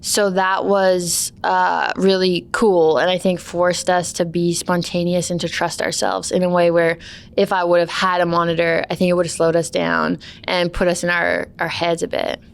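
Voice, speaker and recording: A woman who both made and starred in a film talks loosely in a casual interview, rambling and using fillers. Her voice is fairly low with vocal fry and a clean tone, delivered flatly at a moderate pace.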